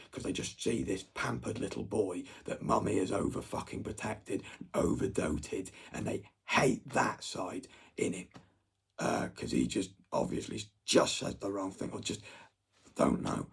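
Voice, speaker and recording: A young man talks straight to his viewers in a rambling, agitated rant full of swearing. His voice is low, gravelly and heavily raspy throughout. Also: expressive, moderate pace.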